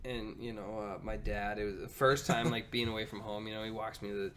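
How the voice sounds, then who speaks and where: A young man from Las Vegas co-hosting a podcast, telling stories in a laid-back, animated way and saying dude a lot. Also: on the low side, fairly quick, slight background noise. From Las Vegas, USA. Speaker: podcast co-host. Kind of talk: casual chat.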